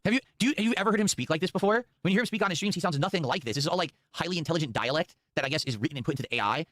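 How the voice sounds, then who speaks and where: Sarcastic reaction streamer, male, higher-pitched and animated, rapid-fire, swears a lot, clip music faint behind. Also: background noise. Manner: incredulous, sarcastic, swears freely. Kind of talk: mocking reaction commentary.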